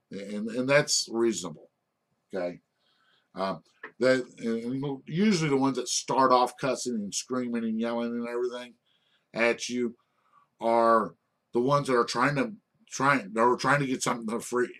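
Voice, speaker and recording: A man's voice: medium pitch, a bit bright. A middle-aged man giving an informal lesson on restaurant management, rambling and checking in with "okay?" after most points. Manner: rambling, repeats "okay?" often, frequent restarts.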